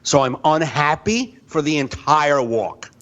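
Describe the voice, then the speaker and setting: A man's voice: a little high, unhurried, muffled recording. A man co-hosting a podcast, telling comic stories in casual, profane chat. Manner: animated storyteller, swears freely. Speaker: podcast co-host.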